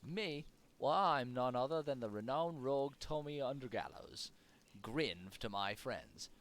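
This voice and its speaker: A man's voice: medium pitch, animated, measured pace, fairly bright tone, voice pushed up. A man voicing a boastful, talkative halfling rogue, his accent wavering between British, Irish and Australian. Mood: cocky. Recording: game music behind.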